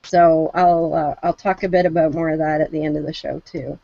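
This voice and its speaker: A woman's voice: sits low, fairly even intonation, brisk, creaky, dry recording, lo-fi sound. A woman co-hosting a casual podcast chat, talking hesitantly with many ums and uhs.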